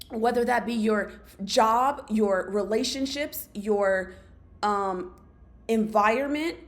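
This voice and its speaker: Woman vlogger, slightly high voice, heartfelt pep talk, calls listeners "baby.". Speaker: motivational vlogger. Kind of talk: motivational monologue to followers.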